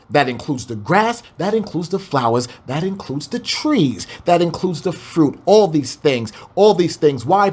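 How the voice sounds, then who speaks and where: A man teaching scripture in a street-style lesson. He reads verses slowly, then rants in blunt, profane paraphrase, swinging between shouting and low murmurs. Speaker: bible teacher.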